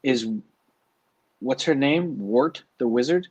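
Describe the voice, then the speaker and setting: A man's voice: medium pitch, animated, slow pace, a little mellow, slightly rough, no room sound, low-quality recording. A man co-hosting a late-night stream, chatting casually and rambling about guests and accents. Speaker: co-host.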